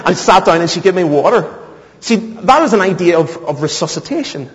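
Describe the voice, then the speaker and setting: A man's voice: on the high side, animated, fast. A man preaching a sermon, mixing Bible reading with humorous personal stories. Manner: storytelling with self-deprecating humor. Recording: muffled, echoey hall.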